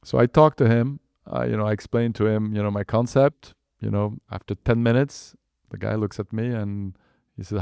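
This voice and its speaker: French-accented man, 50s, low gravelly and mellow, chatty storyteller with lots of fillers. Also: fairly even intonation, moderate pace, no echo, clean studio sound. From France. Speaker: guest entrepreneur. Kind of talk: anecdotal storytelling.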